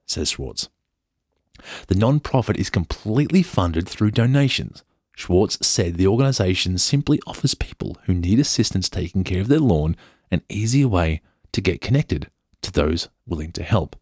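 A man's voice: deep voice, lively intonation, moderate pace, darkish tone, husky, no room sound, studio quality. An English man hosting a podcast, reading a news story aloud with chatty, joking asides. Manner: chatty, playful, jokey. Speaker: podcast host.

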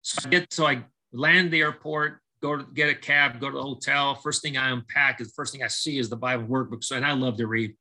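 A man's voice: medium pitch, a little fast, few pauses, poor audio. A middle-aged man, a baseball coach, telling his life story as a podcast guest and acting out the dialogue as he goes. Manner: animated storyteller acting out dialogue, many restarts. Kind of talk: storytelling interview testimony.

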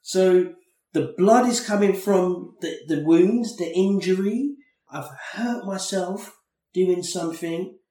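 A man in his thirties hosts a podcast, earnestly and thoughtfully telling personal stories and sometimes repeating words as he thinks. His high voice is slow and mellow, recorded from a distance with a roomy, slightly off-mic sound.

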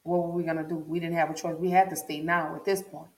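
In a personal storytelling vlog, a woman addresses her viewers directly and repeats points for emphasis. She talks fast in a low-pitched voice with little pitch movement, and the room sounds echoey.

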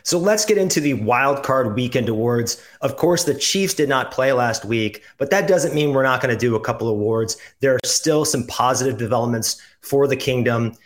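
A man co-hosting a casual sports podcast, presenting segments with a relaxed, joking manner. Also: medium pitch, moderate pace, few pauses. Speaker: podcast co-host.

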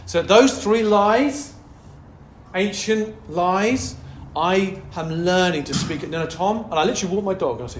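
A man's voice: sits high, normal speed, slight background noise. A man preaching a sermon as pastor, talking in a passionate, conversational way with frequent asides to the congregation. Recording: roomy echo.

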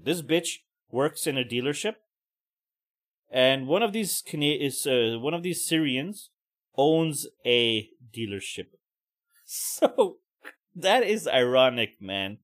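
A man's voice: mid-range voice, a bit bright. A man hosting a podcast, giving profane, heated, mocking commentary. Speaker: podcast host. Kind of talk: ranting commentary.

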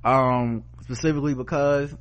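A man's voice: medium pitch, steady tone, moderate pace. A middle-aged man co-hosting a podcast, telling a story in casual chat with blunt, profane language and acted-out quotes. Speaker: podcast co-host.

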